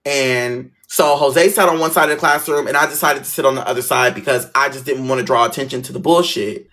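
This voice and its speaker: A man telling a personal school story in a casual, animated, swearing style. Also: medium pitch, a little fast.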